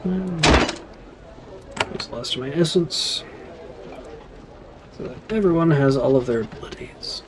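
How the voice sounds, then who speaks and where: A man's voice: on the high side, slow, pauses often, very noisy. A man playing a fantasy role-playing game, thinking aloud in casual, mumbled commentary. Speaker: let's play gamer.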